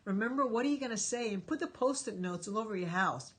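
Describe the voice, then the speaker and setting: A woman's voice: fairly high pitch, animated, quick pace, husky. A woman hosting a live stream Q&A, answering viewers' questions with emphatic, encouraging life advice. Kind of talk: live stream Q&A, reading chat.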